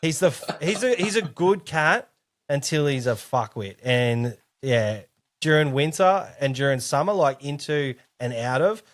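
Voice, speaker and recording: A young Australian man, a podcast guest, telling animated stories full of swearing and laughter. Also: on the high side, unhurried. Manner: animated, profane, laughing storyteller. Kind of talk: casual chat.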